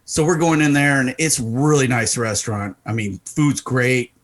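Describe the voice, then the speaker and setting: A middle-aged man from Arizona co-hosts a podcast, telling a story in casual conversation and animatedly acting out its voices. He speaks at medium pitch and a normal speed.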